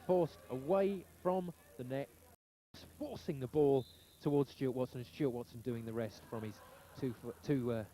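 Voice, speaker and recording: A male play-by-play commentator with a mid-range voice, calling the action in brisk, excited bursts. His voice comes through an old television broadcast with clear background noise. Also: medium pitch. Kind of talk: live sports commentary.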